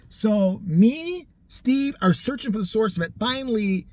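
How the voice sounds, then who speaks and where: A vlogger telling a personal story casually, animated, profane and sarcastic, acting out the people in it. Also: mid-range voice, measured pace, hardly any pauses.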